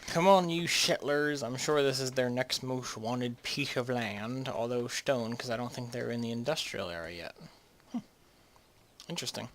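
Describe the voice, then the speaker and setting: A man's voice: mid-range voice, normal speed, fairly bright tone, slight background noise. A young man from the northeastern United States, rambling and chatty with many restarts as he narrates his game. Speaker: gamer. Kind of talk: casual game commentary.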